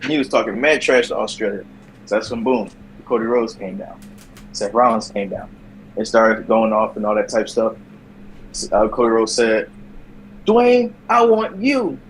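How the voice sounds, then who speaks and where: A man co-hosting a casual wrestling talk show, telling stories and slipping into quick impressions. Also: lowish voice, a little hiss or hum, low-quality recording. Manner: animated storyteller, slips into mimicking voices. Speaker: podcast co-host.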